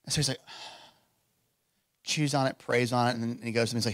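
A man's voice: medium pitch, steady tone, brisk, long pauses, fairly bright tone, no echo, clean studio sound. A man preaching a sermon as pastor, telling stories in a loose conversational way with many restarts. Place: church.

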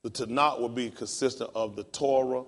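A pastor teaching a class in a casual, encouraging way, spelling words out letter by letter. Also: male voice, medium pitch, steady tone, moderate pace.

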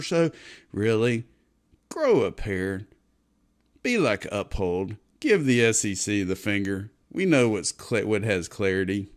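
A man's voice: medium pitch, animated, measured pace. Blunt, chatty man in his fifties. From Texas. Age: 50s. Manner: blunt, profane, chatty with swings of loudness. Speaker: crypto show host. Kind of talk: casual morning video commentary.

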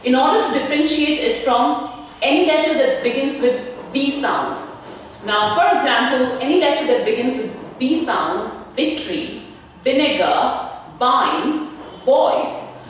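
A woman teaching pronunciation. She speaks slowly and deliberately and leans on the stressed syllables of her example words. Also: sits high. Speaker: English language faculty teacher. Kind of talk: pronunciation tutorial. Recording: echoey hall, voice from far off, faint noise.

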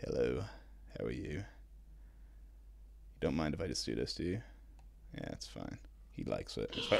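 Swearing gamer, deep voice. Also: male voice, moderate pace, creaky, long pauses. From Ireland. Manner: swears a lot, bursts into loud excited shouts. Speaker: streamer. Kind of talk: live gaming commentary.

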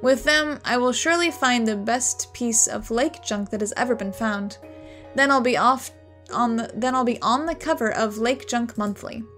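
A woman's voice: fairly high pitch, normal speed, fairly bright tone, faint music behind, natural voice. A woman voicing an eccentric, dreamy fisherman who hunts lake junk, in a shaky put-on German accent. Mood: grandiose. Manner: grandiose, rambling.

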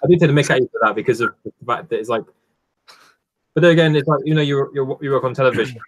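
A man's voice: medium pitch, rapid-fire, no room sound. A man chatting on a live call, hesitant and repeating his words. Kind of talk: casual group chat on a live call.

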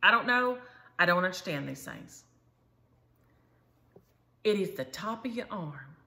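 An older woman telling a story in a bright, clear tone. Her voice sits a little low, and she talks to her viewers in loose, folksy chat, often calling them "y'all.". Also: animated, unhurried. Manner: chatty storyteller, says "y'all". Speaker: Flosstube host. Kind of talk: casual chat.

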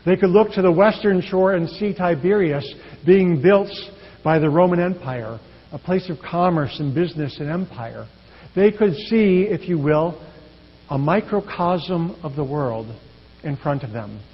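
Pastor guy preaching, kinda husky, slightly high voice, long echo off a church hall. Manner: earnest, measured preaching with trailing soft endings. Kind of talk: sermon. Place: church sanctuary. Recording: dull echoey church hall.

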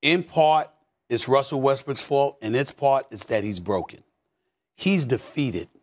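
A middle-aged man giving heated sports commentary, emphatic, repeating phrases and swinging from low mutters to shouts. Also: lively intonation, measured pace.

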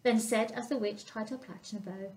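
A woman storyteller reading a picture book aloud to young children, expressive and asking them questions. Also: fairly high pitch, a little fast. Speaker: family centre storyteller.

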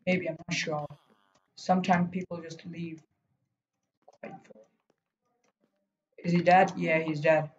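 A man giving live commentary while streaming a game, urging himself on and breaking into loud whoa and no cries. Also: fairly high pitch, little pitch movement, slow, pauses often, echoey room, lo-fi sound, a little hiss or hum. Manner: talks to himself and urges teammates on. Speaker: gaming streamer.

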